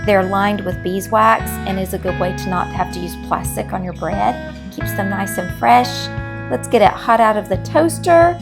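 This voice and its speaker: A woman's voice: medium pitch, normal speed, gravelly, music in the background. A middle-aged woman chatting casually as a crochet vlogger, rambling in a friendly way and talking straight to her viewers.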